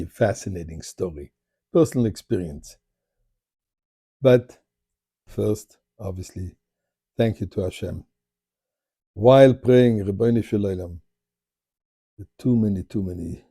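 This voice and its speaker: A rabbi tells a personal story in an animated voice, dark and gravelly with a husky edge. The sound is dry and close, and he rattles off prayer lines at speed before slowing down for the story. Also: fairly low pitch, no room sound. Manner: animated storyteller, recites Hebrew prayer at rapid pace. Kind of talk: spoken storytelling. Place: Montreal.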